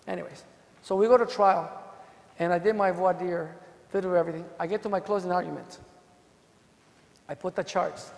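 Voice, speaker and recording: A man, a defense lawyer, speaking at a conference and telling stories in a casual, animated way with many asides. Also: sits high. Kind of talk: storytelling conference talk. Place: hotel ballroom. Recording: long echo of a large hall.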